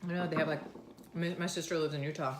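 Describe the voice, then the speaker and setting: A woman in her thirties with a low voice, rambling casually to her viewers. She talks in a loose, chatty way. The recording has a roomy echo. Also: fairly even intonation, fast talker, a little hiss or hum. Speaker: vlogger. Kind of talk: casual chat.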